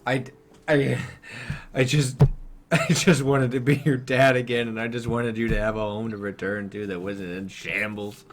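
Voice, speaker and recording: Gm voicing guilty inventor dad, pleading, low and apologetic. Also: male voice, moderate pace, sharp tone. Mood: remorseful. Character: guilt-ridden middle-aged father, an inventor.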